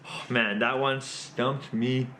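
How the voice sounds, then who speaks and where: A man hosting his own video, recapping a puzzle in an excitable, self-mocking way. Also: medium pitch, takes it slowly, slight background noise. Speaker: magician and comedian host. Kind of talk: animated storytelling recap.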